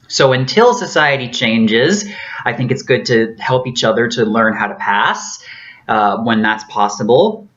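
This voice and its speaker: Earnest woman vlogger, dull lo-fi audio. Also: rumbling low. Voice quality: theatrically trained voice. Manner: earnest, explanatory, many fillers. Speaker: vlogger teaching voice training. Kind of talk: casual spoken tutorial.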